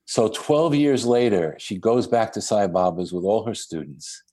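A man speaks in a fairly low voice as a podcast guest, telling stories at an easy pace. He restarts his sentences often and keeps a reflective tone. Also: animated, a little slow, mellow. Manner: reflective, anecdotal, with frequent restarts. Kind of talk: storytelling in a podcast conversation.

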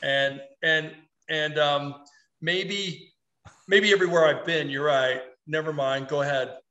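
A man co-hosts a casual sports podcast and brings the quick opinions of a longtime columnist. His voice sits a little high and sounds bright and edgy, and his talk is animated and often pokes fun at himself. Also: muffled recording. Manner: animated, opinionated, self-deprecating.

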